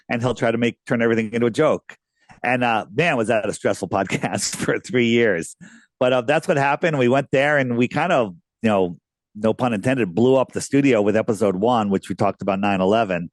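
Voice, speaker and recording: A man's voice: medium pitch, brisk, no room sound. A man who is a radio guest, telling stories in a casual, rambling way with many restarts. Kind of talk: casual interview storytelling.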